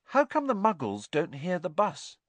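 A nervous teenage boy wizard, as a man puts him on, speaking a little higher than the narrator with a guarded, hesitant manner. The voice is dry and close. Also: huge pitch swings, moderate pace, dry recording, highs cut off. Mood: wary. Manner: nervous, evasive.

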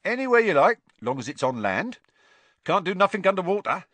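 A brash young bus conductor, loud and cheeky, his voice pitched high above the narrator's and swinging up and down. He sounds close and dry, with no room around him. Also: big pitch swings, moderate pace, no room sound, full character voice.

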